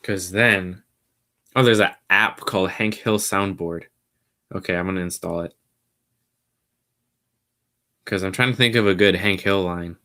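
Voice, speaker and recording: A man hosting his own podcast stream, rambling along casually in a low-key, somewhat mumbly way. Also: fairly even intonation, normal speed, pushed and bright. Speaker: podcast host. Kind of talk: casual solo livestream chat.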